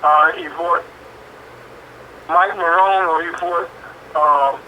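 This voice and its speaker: A man in his forties giving an interview as a boxer, talking in an animated way, repeating phrases and using lots of fillers. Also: fairly high pitch, slow pace, lo-fi sound, slight background noise. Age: 40s. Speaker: boxer guest. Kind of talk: interview talk.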